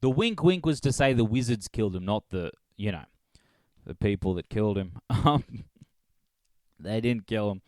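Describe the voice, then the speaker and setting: A man's voice: on the low side, animated, normal speed, a little mellow, no room sound. A man hosting a solo comedy podcast, rambling and swearing as he laughs at his own jokes. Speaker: podcast host.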